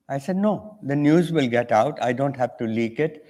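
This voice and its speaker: A man's voice: fairly high pitch, unhurried, darkish tone. An older man from India with an Indian English accent, an author telling a story on a conference panel and acting out the voices of the people in it. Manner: acts out dialogue in an anecdote.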